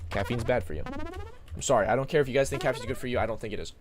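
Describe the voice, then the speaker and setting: A man streaming live, chatting casually and reacting in quick, slangy bursts. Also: medium pitch, over music.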